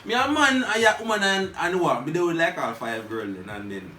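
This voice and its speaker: A young man with a Jamaican accent talks in an animated, storytelling way, slipping into Patois. He sits some distance from the mic in a roomy, echoey space with a faint hiss underneath. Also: fairly high pitch, brisk. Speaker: guest. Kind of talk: casual chat.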